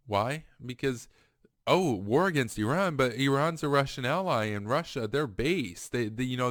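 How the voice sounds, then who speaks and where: A man's voice: mid-range voice, a bit bright, no room sound, studio quality. A man giving a heated, repetitive political commentary monologue. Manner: emphatic, ranting, repetitive.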